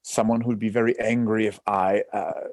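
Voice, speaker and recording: A man's voice: on the low side, flat delivery, normal speed, darkish tone, no echo, clean studio sound, natural voice. Man playing a stammering nervous young vampire. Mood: nervous, evasive. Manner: hesitant, stammering, apologetic. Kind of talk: tabletop role-play in character.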